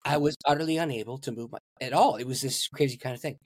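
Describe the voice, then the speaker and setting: A man's voice: mid-range voice, fast talker, breathy edge, no room sound. A man, a pastor and guest, telling a story in an interview and laughing at his own stories.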